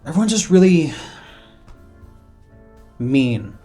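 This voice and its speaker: A man's voice: a little high, lively intonation, slow pace, mellow, faint music behind. A man playing an upset male office worker in therapy in an improvised comedy sketch, rambling and grumbling with lots of fillers. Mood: aggrieved.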